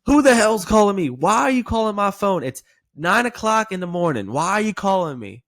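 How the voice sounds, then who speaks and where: A man's voice: on the high side, animated, brisk, a bit bright, voice pushed up. A man acting out an irritated male insurance prospect who snaps suspicious questions at a sales agent. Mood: annoyed. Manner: indignant, snapping questions.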